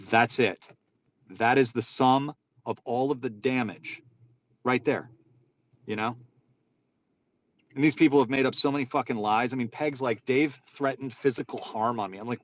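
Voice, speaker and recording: A man's voice: medium pitch, steady tone, moderate pace, pauses often, highs cut off. Exasperated, swearing man hosting a chat. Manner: rambling, profane and exasperated. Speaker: host of a live audio chat room. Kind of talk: casual chat.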